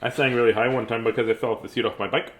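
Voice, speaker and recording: A man's voice: mid-range voice, fairly even intonation, rapid-fire, a bit bright. A man in his fifties reading children's books aloud, joking, singing silly rhymes and chatting between pages. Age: 50s. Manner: goofy, sings silly rhymes, jokey asides. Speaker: children's book reader. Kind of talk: playful read-aloud with banter.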